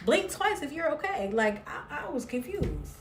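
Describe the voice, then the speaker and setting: A woman's voice: high voice, sing-song, moderate pace, music in the background. A woman chatting bluntly and sassily as she recaps a reality show, swearing freely. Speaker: recap vlogger. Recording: roomy echo, somewhat far from mic.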